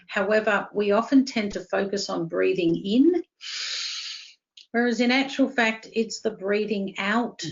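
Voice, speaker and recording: A woman with an Australian accent, a counselling psychologist calmly explaining and guiding step by step. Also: mid-range voice, lo-fi sound. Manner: steady, reassuring, guiding step by step. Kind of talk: calm explanatory interview talk.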